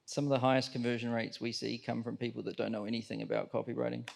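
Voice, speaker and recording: Relaxed man with a gravelly voice. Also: mid-range voice, fast talker. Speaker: co-host of the event. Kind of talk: conversational panel talk.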